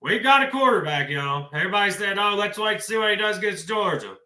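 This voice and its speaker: This casual sports vlog has a man with a drawl ranting about college football, expressive, fast, folksy and emotional, and addressing his audience as "y'all." The voice is fairly high, very bright and sharp, and echoes as if in a hard-walled room.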